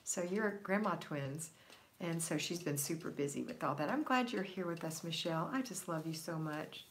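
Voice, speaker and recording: A woman's voice: low voice, animated, normal speed, slight background noise. A woman hosting a casual livestream, reading viewer comments aloud and answering them in an upbeat, encouraging way. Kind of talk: casual live chat. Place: home, Florida.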